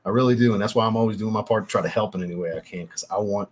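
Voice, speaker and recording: Male livestream host, lower voice, slightly husky, relaxed casual chat with viewers. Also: rapid-fire, hardly any pauses. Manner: laid-back, swears casually, chatty asides to viewers. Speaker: livestream host, fragrance reviewer. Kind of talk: casual livestream chat reading super chats.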